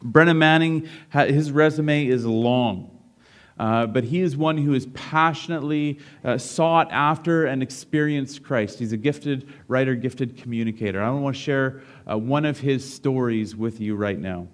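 A man's voice: medium pitch, normal speed. A middle-aged male pastor giving a sermon, reading a story aloud with drama and asking the congregation questions.

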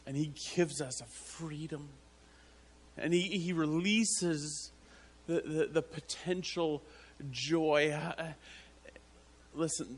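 Slow-talking male pastor preaching. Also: fairly high pitch, a little hiss or hum. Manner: halting, repeats words, breaks into laughter. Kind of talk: sermon.

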